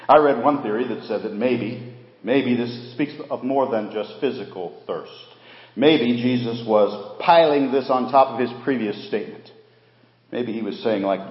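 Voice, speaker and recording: Pastor, male, low voice, sermon style, moves between emphatic and hushed, dull recording from a church hall. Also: moderate pace. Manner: quotes scripture, swings between raised emphasis and hushed delivery. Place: church sanctuary during an evening service. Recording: echoey hall, dull lo-fi sound.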